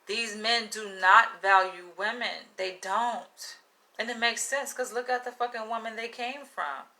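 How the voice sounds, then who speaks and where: Blunt, profane woman vlogger with a bright voice. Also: fairly high pitch, unhurried. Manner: blunt, profane and animated, with frequent laughs. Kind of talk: casual monologue to camera.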